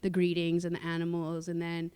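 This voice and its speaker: Her delivery is completely flat and a little fast, in a lowish, dark voice that stays clear and resonant. She's a Musqueam woman from Canada speaking as a guest at a cultural sharing, telling personal stories on a theatre stage in a chatty way full of fillers, restarts and frequent laughs.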